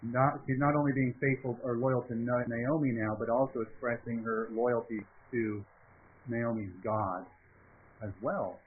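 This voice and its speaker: A man's voice: medium pitch, fairly even intonation, a little slow, slight background noise. A male pastor giving an interactive sermon, often asking his congregation questions. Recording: tinny phone-like sound.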